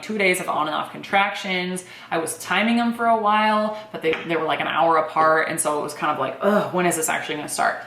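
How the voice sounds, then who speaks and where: A young woman tells a personal story in a relaxed, chatty way, peppering it with fillers. Her voice sits a little low for a woman, and the room around her rings with echo. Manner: chatty, animated, many fillers like "like" and "um". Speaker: vlogger telling her birth story. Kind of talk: casual storytelling.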